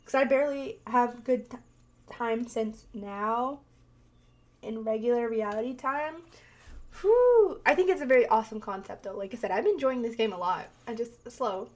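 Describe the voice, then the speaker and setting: High-voiced giggly woman streamer. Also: lively intonation, normal speed, darkish tone. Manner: giggly, breaks into long laughing fits; rambling, chatty, talks to chat. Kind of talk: casual gameplay commentary.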